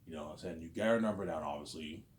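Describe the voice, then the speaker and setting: A male vlogger in his thirties speaks very fast in a bass voice, rambling through a casual monologue. Repetition runs through it, along with constant uses of "obviously" and "you know what I'm saying."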